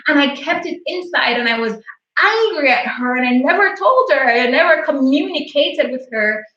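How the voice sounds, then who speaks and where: The livestream host is a late-twenties woman recounting something personal in a frank, warm, talkative manner. Her high voice has lively intonation and a sharp tone at a moderate pace, though the recording is distant, muffled and echoey.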